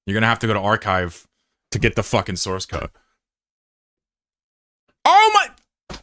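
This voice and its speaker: A man streaming as the developer of his own game, chatting casually and swinging between excited shouting and muttered frustration. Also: lowish voice, quick pace, no echo. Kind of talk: casual livestream chat.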